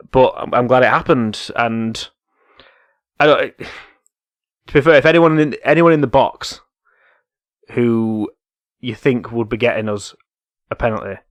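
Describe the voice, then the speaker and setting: A man's voice: mid-range voice, normal speed, no echo. A man co-hosting a football podcast, telling casual anecdotes with hesitant fillers. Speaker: podcast co-host.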